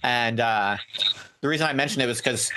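A man in his thirties hosts a loose podcast conversation, rambling and cracking playfully sarcastic jokes. His voice sits at a middle pitch. A clear layer of noise runs under the recording. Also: fairly quick, pushed and bright, low-quality recording. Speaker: podcast host.

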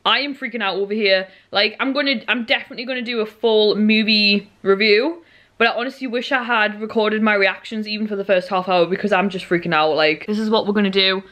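Excitable bright-voiced woman vlogging. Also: mid-range voice. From United Kingdom. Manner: excitable, gushing, rushed chatter. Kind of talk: casual vlog chat. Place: at home in a living room. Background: television audio.

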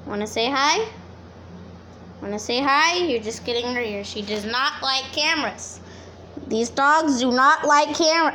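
A woman's voice: sits high, unhurried, sharp tone, a little hiss or hum. A young woman vlogging at her grandmother's home, talking to the dogs in a fond, baby-talk way. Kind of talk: casual vlog talking to pets.

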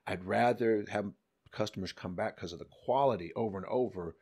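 A middle-aged man telling a story in a casual chat, animated and profane, acting out the people he quotes. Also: lowish voice, fairly quick, breathy edge. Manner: animated, swearing, acts out quotes in other voices. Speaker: podcast guest.

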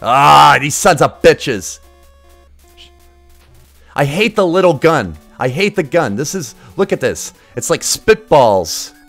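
Brief: male game streamer, casual crude sarcastic commentary, slightly high pitch. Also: very animated, slow, a bit bright, no echo, faint music behind. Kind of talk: casual live-stream commentary while gaming.

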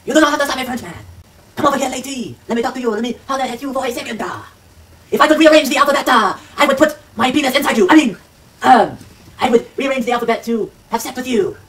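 A woman's voice: high voice, fast talker. A woman voicing a boastful, crude male Frenchman in a silly mock French accent for a homemade comedy sketch, recorded on a distant home camera with background noise.

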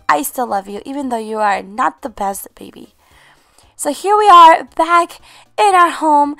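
A woman hosting a game roleplay video, commentating in an animated, exclaiming way and talking motherly to her in-game baby. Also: high-pitched, creaky, no echo, studio quality. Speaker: channel host.

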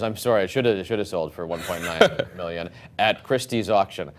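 Middle-aged male anchor reading headlines deadpan-serious, low voice. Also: brisk, few pauses. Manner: amused, mock-serious anchor delivery. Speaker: guest news anchor. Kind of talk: mock news-anchor headline reading and chat.

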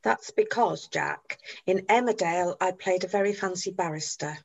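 An actress playing a funeral celebrant who is polite, patient and well-spoken. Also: female voice, on the low side, normal speed, gravelly, lo-fi sound. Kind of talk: comedy series acting on a video call.

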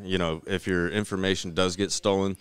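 Man, podcast co-host, easygoing profane chat, smooth resonant voice, lowish pitch. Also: level tone, brisk, no room sound. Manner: easygoing, profane, laughs often. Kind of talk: casual chat.

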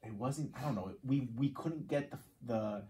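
A man hosting a podcast in casual chat, laid-back and profane, telling animated anecdotes. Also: mid-range voice, moderate pace. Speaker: podcast host.

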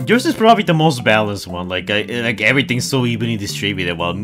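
A man's voice: lowish voice, very animated, fast, fairly bright tone, soft background music. A man hosting a casual chat over a call, joking and sarcastic with his friends. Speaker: channel host.

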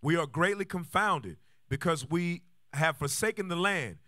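A man reading Bible verses aloud in a steady, formal way during a class. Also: on the high side, measured pace, dry recording, studio quality. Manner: steady, formal reading, polite short replies. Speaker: scripture reader.

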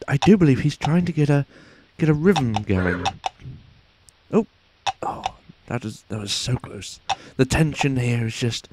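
A man playing a pompous, excitable sports announcer in mock commentary over a video game, with formal announcer phrasing, recorded on a noisy home mic. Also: very high-pitched, voice pushed up, heavily acted. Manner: formal announcer phrasing, shouts at near misses.

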